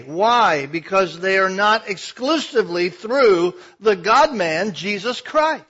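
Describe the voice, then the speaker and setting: A man preaching a sermon, swinging between loud declarations and quiet asides. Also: high voice, lively intonation, unhurried, hardly any pauses, slightly rough, muffled recording. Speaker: pastor.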